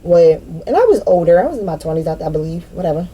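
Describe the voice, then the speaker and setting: A woman in her thirties vents unscripted to camera for her spiritual vlog, swearing, speaking bluntly, and repeating herself for emphasis. Her fairly low voice is fast and slightly rough with big pitch swings, and the recording sounds lo-fi.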